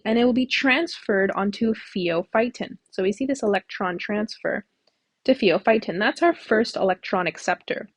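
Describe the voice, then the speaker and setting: A woman's voice: medium pitch, no echo. A woman tutor explaining a topic step by step, asking herself questions as she works through a diagram. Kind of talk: whiteboard lecture.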